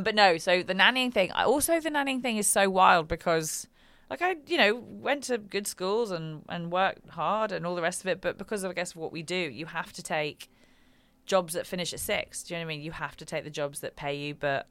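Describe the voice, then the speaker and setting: A young English woman with an English accent chatting as a podcast guest, telling animated stories and laughing through them. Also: lowish voice, fairly quick. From England. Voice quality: animated storyteller, laughs through her anecdotes. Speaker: guest comedian. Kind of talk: casual podcast chat.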